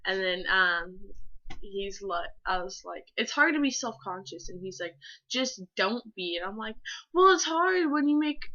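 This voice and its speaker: A teenage vlogger with a slightly high, sharp voice chats with her viewers in lo-fi sound. She rambles and gushes, using plenty of filler words and now and then a swear word.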